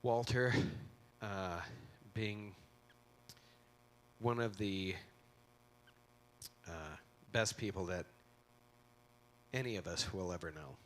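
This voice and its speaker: Middle-aged man, eulogy speaker, rambling joking storyteller, low voice, convention hall. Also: takes it slowly, pauses often, fairly bright tone. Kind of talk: informal memorial speech.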